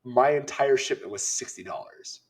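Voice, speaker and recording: A middle-aged man co-hosting a podcast, telling an animated, laughing story in casual chat. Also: medium pitch, moderate pace. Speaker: podcast co-host.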